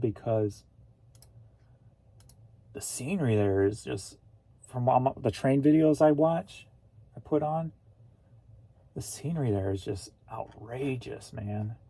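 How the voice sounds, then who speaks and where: Mellow, husky-voiced rambling man. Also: medium pitch, unhurried, long pauses, dry recording. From St. Louis, Missouri. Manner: rambling and jokey, laughs often. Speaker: reseller vlogger. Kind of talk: casual chat.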